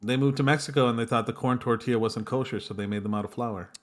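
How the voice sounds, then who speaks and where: A man co-hosting a casual podcast who narrates story beats and drops dry, deadpan jokes. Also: mid-range voice, fast. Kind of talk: casual improvised storytelling chat.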